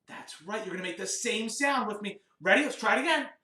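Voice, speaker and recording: A man's voice: high voice, expressive, brisk, bright, forceful tone, far from the mic. A man teaching a children's music lesson, upbeat and encouraging as he talks to young kids. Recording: roomy, off-mic, guitar behind.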